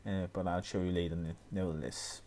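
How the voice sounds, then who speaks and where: Low-voiced man with halting tutorial speech. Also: fairly even intonation, mellow, slight background noise. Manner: hesitant, many fillers and restarts. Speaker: music software tutor. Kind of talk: screen-recorded tutorial.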